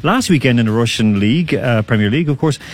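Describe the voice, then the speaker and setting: Male radio sports host, mid pitch, casual rambling banter in the studio. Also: lively intonation, quick pace. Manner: rambling, jokey, full of fillers and restarts.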